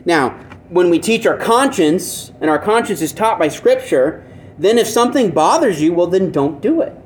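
A man's voice: high voice, expressive, moderate pace, a little hiss or hum. A man preaching a conversational sermon who keeps asking his listeners rhetorical questions and repeats phrases for emphasis. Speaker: pastor.

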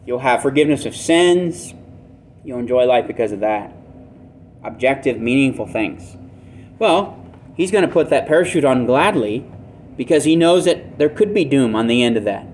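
Man, pastor, sermon, earnest, plainspoken, slightly higher pitch, faint room hum. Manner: earnest, plainspoken, self-deprecating asides.

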